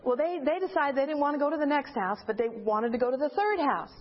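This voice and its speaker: A woman's voice: high-pitched, quick pace, lo-fi sound. A woman from a church group telling a personal story to an audience, acting out the voices of the people in it. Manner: animated storytelling, acts out quoted voices. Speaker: church member giving a testimony.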